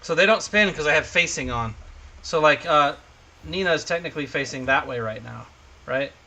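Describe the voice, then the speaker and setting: A man narrates a tabletop game as game master, talking casually into his home streaming mic. His voice sits a bit high and rings bright. He is chatty and laughs often between monster moves. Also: expressive, normal speed, vocal fry.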